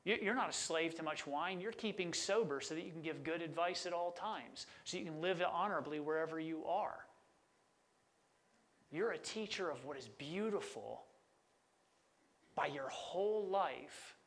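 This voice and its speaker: A man's voice: a little high, normal speed, a bit bright. A middle-aged man preaching a sermon as a pastor, conversational and enthusiastic about word meanings.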